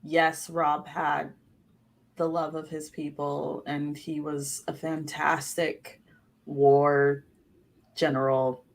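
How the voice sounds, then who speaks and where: Woman podcast co-host, lowish voice, unhurried, restarts her thoughts. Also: flat delivery. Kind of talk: casual chat.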